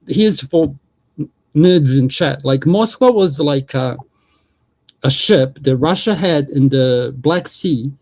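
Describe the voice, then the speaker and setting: A man's voice: a little high, a little mellow. A man hosting a livestream, talking politics in a casual, profane, rambling way.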